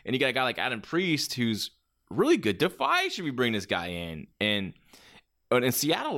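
A male podcast host reviews wrestling matches in a casual, opinionated chat, rambling with lots of fillers and frequently restarting his sentences. His voice is mid-range and a bit bright.

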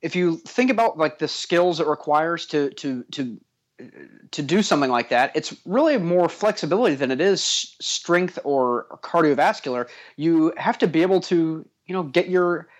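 A man's voice: fairly high pitch, animated, normal speed, dull audio. A man co-hosting a podcast in casual chat, teasing his partner with dry sarcasm. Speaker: podcast co-host.

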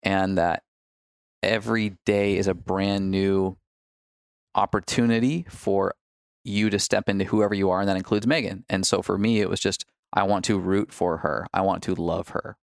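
A man's voice: sits low, steady tone, moderate pace, gravelly, clean tone, no room sound, studio quality. A man telling a candid personal story, reflective, with restarts and fillers.

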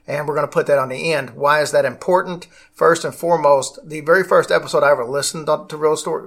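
A man's voice: fairly high pitch, a bit bright. A man hosting a casual podcast, rambling along and often restarting his sentences. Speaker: podcast host.

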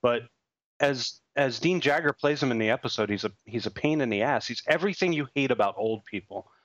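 A man's voice: mid-range voice, expressive, a little fast, a bit bright, dry recording, lo-fi sound. Rambling, chuckling podcast co-host, man. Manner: rambling, self-mocking, chuckles often. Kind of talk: casual chat.

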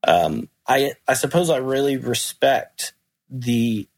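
A man's voice: medium pitch, lively intonation, takes it slowly, no echo. A man, a guest musician, rambling through anecdotes in a casual interview, laughing and swearing as he goes. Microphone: remote call.

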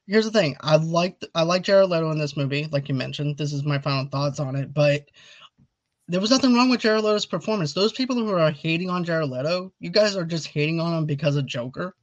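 A man hosting a casual video review chat, talkative and animated, urging viewers to comment. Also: on the high side, brisk, no echo, dull audio. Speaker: video host.

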